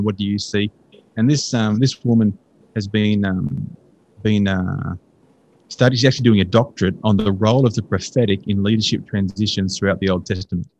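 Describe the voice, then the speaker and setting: Excitable Australian man, low voice. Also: rough recording. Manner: earnest, excitable, jumps into high voices for quotes. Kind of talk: casual storytelling.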